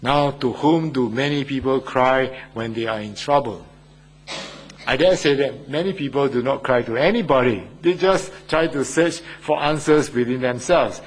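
A man's voice: mid-range voice, moderate pace, breathy edge. A man preaching a sermon, emphatic, often putting rhetorical questions to his listeners.

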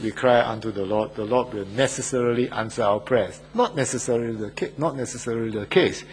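A man's voice: mid-range voice, slightly rough. A man preaching a sermon, emphatic, often putting rhetorical questions to his listeners.

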